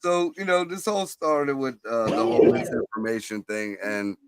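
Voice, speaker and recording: A man co-hosting a podcast in casual chat, ranting profanely with halting restarts. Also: medium pitch, expressive, a loud crowd. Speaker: podcast co-host.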